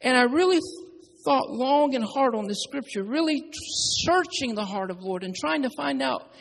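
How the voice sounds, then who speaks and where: A man's voice: very high-pitched, expressive, moderate pace, vocal fry, slight background noise. A man preaching a sermon in a building, repetitive cadence, speaking to his congregation in a church. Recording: long hall reverb.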